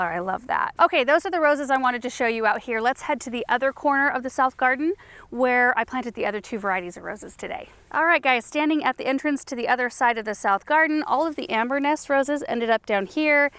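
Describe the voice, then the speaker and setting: A young adult woman hosting a casual garden tour vlog outdoors, chatty and enthusiastic, thinking out loud as she goes. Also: fairly high pitch, clean tone, no echo. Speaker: gardening channel host.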